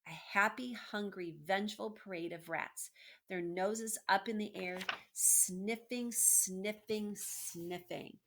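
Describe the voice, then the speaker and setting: A woman reading a children's book aloud, gently, with asides to her listeners. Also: mid-range voice, unhurried. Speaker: storyteller.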